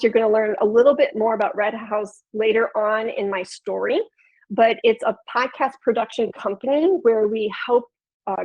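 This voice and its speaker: Woman, 30s, Chicago accent, nasal, bright and a bit high, presenting over muffled web-call audio. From Chicago, USA. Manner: upbeat, conversational, addresses audience directly. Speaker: podcast producer and flutist presenter. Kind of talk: webinar presentation.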